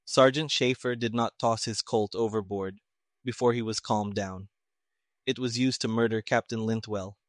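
A man voicing a calm, shrewd male detective who speaks quietly and precisely. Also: on the low side, normal speed, dry recording, studio quality, natural voice.

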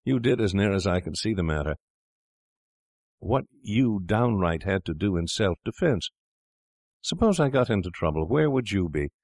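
A man voicing a cool, scheming young doctor who coaxes and insists smoothly. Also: deep voice, very animated, normal speed, darkish tone, dry recording, clean studio sound, heavily acted. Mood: persuasive.

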